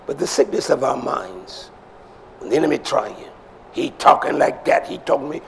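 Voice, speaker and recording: A male preacher delivering an emphatic sermon, swinging between shouts and low murmurs and repeating phrases for emphasis. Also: expressive, brisk, creaky, a little hiss or hum.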